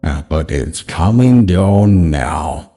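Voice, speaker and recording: A deep, dark, husky male character pushed through a voice changer. He speaks slow and booming, flat and matter-of-fact. The voice is very low and mellow, with a breathy grain. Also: soft background music, full character voice. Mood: solemn.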